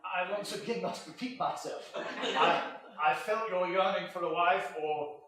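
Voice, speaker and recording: A man's voice: high-pitched, unhurried, a bit bright. A man doing improv as a short, clean-shaven peasant courtier, deferential and flustered. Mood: awkward. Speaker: improv comedian. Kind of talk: live improv scene. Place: small improv theater stage. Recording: roomy live theater, mic from far off. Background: audience laughter.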